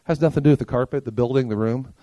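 Delivering his sermon rapid-fire, an older pastor hammers home his points with rhetorical questions and call-and-response checks asking if the congregation is with him. He shifts between loud, punchy lines and quiet, low ones in a dry recording.

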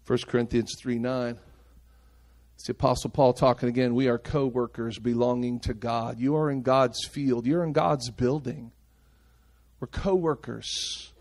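A male pastor preaching a sermon with passion, moving between raised, urgent lines and quiet, hushed ones. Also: medium pitch, fairly even intonation, measured pace. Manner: impassioned preaching, swinging between loud and hushed.

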